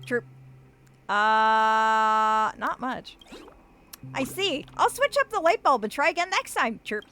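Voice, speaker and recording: A squeaky, whiny little paper bird from a video game, put on by a woman streamer, shooting up high and loud and chirping between its sad lines. It swings from mopey to chipper in a bright, sharp tone. Soft music plays underneath. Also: expressive, takes it slowly, full character voice. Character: gloomy, self-pitying little origami bird.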